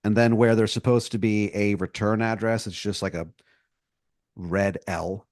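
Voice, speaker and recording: Low-voiced man spinning a rambling story. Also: fairly even intonation, a little slow, a little mellow, no echo, clean studio sound. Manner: rambling, full of likes and restarts. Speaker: podcast co-host. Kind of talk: improvised comedy storytelling.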